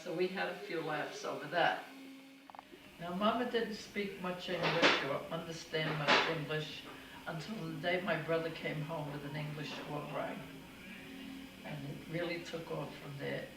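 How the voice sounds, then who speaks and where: A woman's voice: low voice, background noise. An older woman recounting her family's history in an oral-history interview, telling anecdotes and acting out remembered quotes. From United States. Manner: warm anecdotal storytelling with acted quotes. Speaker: storyteller. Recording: echoey room, far from the mic, music behind.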